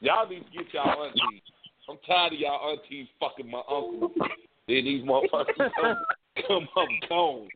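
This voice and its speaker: A man's voice: on the high side, very animated, moderate pace, vocal fry, heavy background noise. A man co-hosting a casual comedy radio chat, telling stories and acting out voices. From Indianapolis. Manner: storytelling, acts out voices in quotes. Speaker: co-host. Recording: lo-fi phone-like radio sound.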